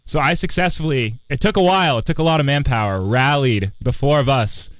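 A young man in his twenties hosts a casual student radio show. He talks in a playful, rambling way at a middling pitch. The sound is dry and close to the mic. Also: a little fast, no room sound. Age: 20s. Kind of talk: casual chat. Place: outdoors on a campus quad.

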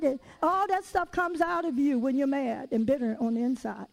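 A woman with a high voice delivers a sermon, weaving personal stories into it. Her talk is lively and conversational, full of casual everyday phrasing. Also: moderate pace, gravelly, hardly any pauses, low-quality recording. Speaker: preacher.

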